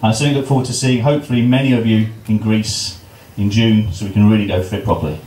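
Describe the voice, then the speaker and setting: Speaking fast in a lowish, steady voice, this man from England delivers his groom's speech with self-deprecating humour. Loud crowd noise fills the wedding reception, and the sound is distant and roomy.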